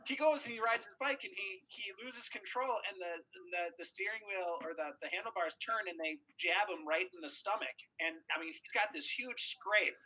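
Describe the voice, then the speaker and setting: Bright-voiced pastor telling stories. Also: male voice, high voice, normal speed, hardly any pauses, poor audio. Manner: storytelling, animated, with frequent restarts. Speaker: pastor and podcast host. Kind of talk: casual podcast discussion.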